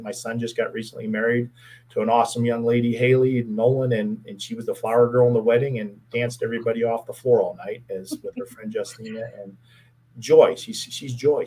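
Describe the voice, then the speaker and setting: A man's voice: on the low side, darkish tone, slightly rough, poor audio. A middle-aged man from the Pittsburgh area, a former police officer, telling a heartfelt story in a casual interview, earnest and often repeating his words.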